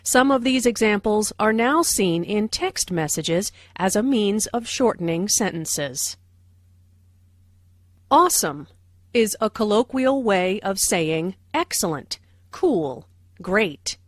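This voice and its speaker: A woman reading scripted English lesson notes and dialogue lines in a clear, deliberate way. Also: medium pitch, animated, dry recording, studio quality. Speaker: dialogue reader and language notes narrator.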